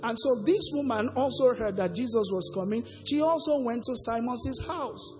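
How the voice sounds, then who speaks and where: Preaching in a church hall at a normal pace, a woman with a highish, animated, darkish voice asks the congregation call-and-response questions and sings out certain phrases in a lilting way. The sound carries long hall reverb with faint music behind it.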